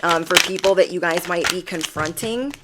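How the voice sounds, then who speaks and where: A woman's voice: fairly low pitch, moderate pace, heavy background noise. A woman giving an emphatic pick-a-card tarot reading, repeating affirmations. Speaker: tarot reader.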